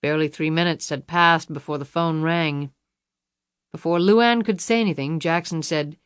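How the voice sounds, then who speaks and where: A woman reading a suspense novel audiobook in a measured, dramatic narration. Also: sits low, smooth, dry recording, studio quality. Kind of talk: scripted thriller narration.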